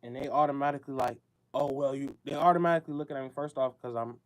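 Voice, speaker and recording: A man's voice: mid-range voice, fairly even intonation, racing. Slangy man talking betting to listeners. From United States. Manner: loose, slangy and repetitive, talking straight to listeners. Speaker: show host. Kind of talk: casual talk-show monologue.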